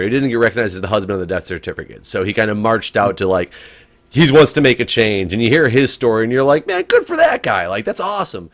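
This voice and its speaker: A young adult man co-hosting a casual podcast chat, animated and self-correcting, laughing often as he talks. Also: mid-range voice. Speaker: podcast co-host.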